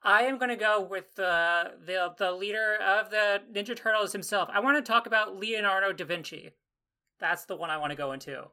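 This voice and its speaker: A man's voice: high-pitched, moderate pace, sharp tone. A man co-hosting a podcast in casual chat, playful and eager. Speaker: podcast co-host.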